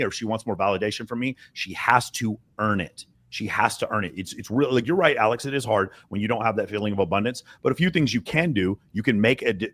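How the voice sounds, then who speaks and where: A man's voice: on the low side, fairly bright tone, no echo. A man talking bluntly and with a lot of swearing as a dating coach on a panel discussion. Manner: blunt and profane, mimics other men's voices. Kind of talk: casual panel talk.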